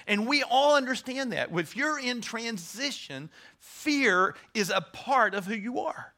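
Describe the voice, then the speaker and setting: A male pastor delivering a sermon in a high, bright voice. He talks in an earnest, teaching way, stumbling over restarts and repeated words as he explains. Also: animated, measured pace.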